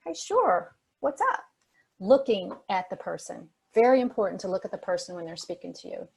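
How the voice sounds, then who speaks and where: A woman's voice: mid-range voice, fast, creaky, husky, rough recording. Emphatic woman giving a motivational talk. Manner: energetic, emphatic, repeats key phrases. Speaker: guest speaker. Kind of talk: motivational talk to a youth forum.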